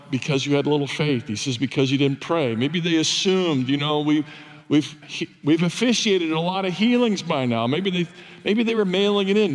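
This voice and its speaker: An older man preaching a sermon, telling stories in a conversational, wry, self-deprecating way. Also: a little high. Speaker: pastor. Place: church sanctuary. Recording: long church reverb.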